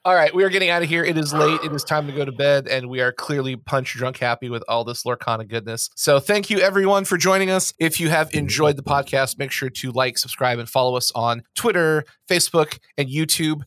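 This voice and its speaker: A man hosting a podcast in casual chat, excitable and joking. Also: fairly high pitch, fairly quick, hardly any pauses, no echo, clean studio sound. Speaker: podcast host.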